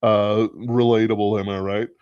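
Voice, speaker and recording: A man's voice: lowish voice, level tone, moderate pace, darkish tone, clean tone, no echo. A man hosting a podcast, thinking aloud in casual, rambling commentary and swearing now and then. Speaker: podcast host. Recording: dull lo-fi sound, dry.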